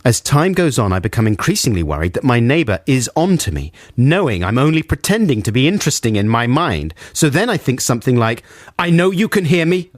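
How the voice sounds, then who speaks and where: A man's voice: medium pitch, big pitch swings, brisk, hardly any pauses, no echo, clean studio sound. Jokey man co-hosting a radio show. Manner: jokey, laughs often, puts on silly voices. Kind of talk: casual radio banter, reading listener texts. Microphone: studio microphone.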